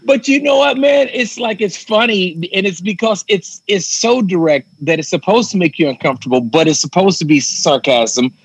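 Guy chatting about old school comedy, animated, cusses a lot, dry close sound. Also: high-pitched, normal speed, vocal fry, few pauses, slightly rough, no room sound, rough recording. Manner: animated storyteller, swears casually, acts out quotes. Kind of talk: casual chat.

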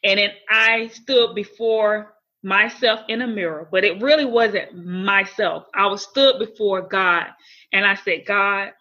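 A woman giving an emotional personal testimony, earnest and halting, often repeating her words. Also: medium pitch, sharp tone, muffled recording. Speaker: guest sharing testimony.

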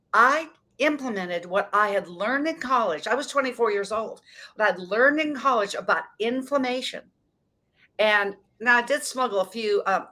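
A woman in her sixties from Montana, telling her story as a guest in an earnest, emphatic way with dramatic pauses. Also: a little high, sharp tone. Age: 60s. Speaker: guest, motivational speaker. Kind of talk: casual interview storytelling.

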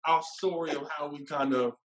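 A man telling a casual story about his first date, animated and laughing, acting out what people said. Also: fairly high pitch, moderate pace, echoey room. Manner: animated, laughing, acts out quotes.

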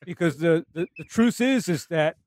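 A man in casual conversation, speaking about running a solo business in a deliberate, emphatic way, with halting phrasing. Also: on the high side, lively intonation, a little mellow, no echo. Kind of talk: casual chat.

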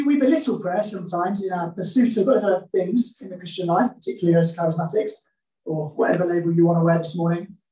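A woman's voice: mid-range voice, dark tone. A woman preaching a sermon to a church congregation, humorous and acting out little scenes. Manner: humorous, acts out scenes in voices. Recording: echoey church hall, mic from a distance.

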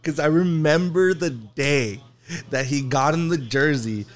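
A man's voice: fairly high pitch, unhurried. Male podcast co-host, teasing storyteller, everyday voice. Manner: teasing, builds stories up. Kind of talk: casual chat.

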